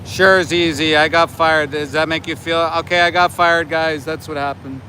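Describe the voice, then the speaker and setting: A man in his forties livestreams as an activist outdoors near a slaughterhouse by homes, answering his chat with scolding sarcasm. His voice is fairly high, pushed and bright, steady in tone and moderate in pace, with a little hiss or hum on the audio.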